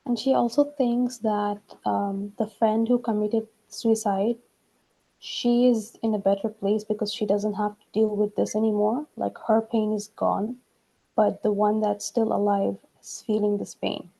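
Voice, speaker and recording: A woman taking part in a training discussion, talking steadily with small thinking pauses. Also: medium pitch, little pitch movement, vocal fry, dark tone, breathy edge, rough recording. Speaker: participant in a training session. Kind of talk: casual discussion.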